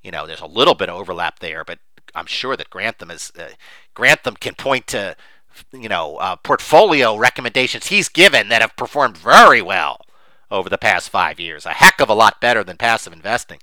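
A man's voice: on the low side, sing-song, fairly quick, sharp tone, dry recording. A middle-aged man giving an unscripted, emphatic monologue on investing, rambling with many fillers. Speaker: investing commentator.

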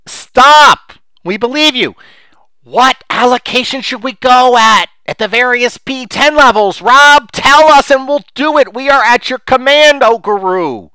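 Man doing a whiny pleading listener, exasperated, high-pitched, sharp and dry. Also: measured pace, clear, resonant tone, no room sound, heavily acted, poor audio. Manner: whiny, mock-dramatic, repeating demands.

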